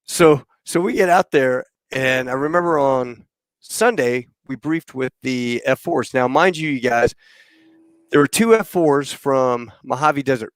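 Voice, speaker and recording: A middle-aged man hosting a casual chat, telling an old flying story in an animated way and acting out the voices of the people in it. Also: medium pitch, unhurried, no room sound. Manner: animated storyteller who acts out quoted voices. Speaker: podcast host, former KC-130 pilot.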